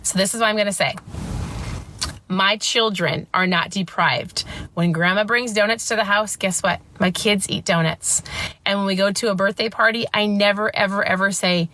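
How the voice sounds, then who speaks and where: A woman's voice: medium pitch, normal speed, sharp tone, a little hiss or hum. A woman in her thirties hosting a casual talk to camera, emphatic and ranting, often asking "guess what". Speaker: host.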